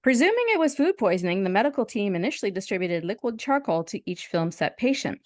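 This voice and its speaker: A woman's voice: mid-range voice, big pitch swings, fast talker, no echo. A woman co-hosting a podcast, chatting casually and reading a story aloud with small stumbles and restarts. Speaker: podcast co-host.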